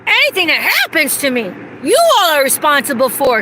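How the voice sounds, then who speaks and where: Her high-pitched, sing-song voice runs a little fast over background noise as this vlogger vents furiously and profanely in a livestream. She's outside in the cold, talking into her phone.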